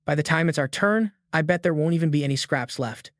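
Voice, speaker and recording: A man's voice: a little high, fairly quick, no echo, studio quality, lightly acted. A man voicing a greedy, irritable male elephant monster in a storybook recap, reading its lines in a complaining tone. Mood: grumbling.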